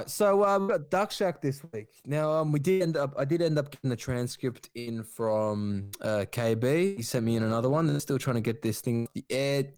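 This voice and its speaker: A man's voice: mid-range voice, moderate pace, hardly any pauses, a little mellow, no room sound, soft background music. A man with an Australian accent hosting a comedy podcast, crude and rambling in casual chat. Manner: crude, rambling, laid-back. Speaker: podcast host.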